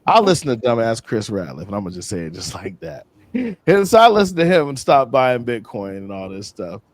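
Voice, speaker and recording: A man being interviewed, telling casual stories in a slangy, animated way and acting out other people's lines. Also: mid-range voice, brisk, no echo. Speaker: interview guest. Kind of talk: casual storytelling.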